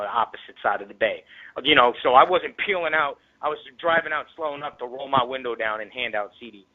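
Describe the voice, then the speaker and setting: A man guesting on a radio show, telling a rambling story with lots of profanity in a casual, animated way. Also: medium pitch. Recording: tinny phone line.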